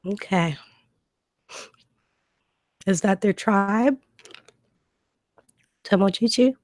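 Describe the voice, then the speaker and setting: A woman's voice: fairly low pitch, flat delivery, a little slow, a little mellow, no echo, clean studio sound. A woman hosting a casual livestream, reading out viewer questions and answering them with many ums and restarts, a cough drop in her mouth. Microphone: new desk microphone.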